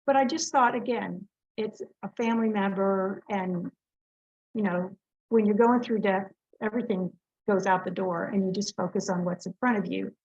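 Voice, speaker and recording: A woman's voice: medium pitch, steady tone, darkish tone. A middle-aged woman and Reiki master telling stories as an interview guest, chatty and earnest with plenty of fillers. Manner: chatty, earnest, lots of fillers and quick laughs. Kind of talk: casual storytelling in an interview. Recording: slightly muffled, lo-fi audio.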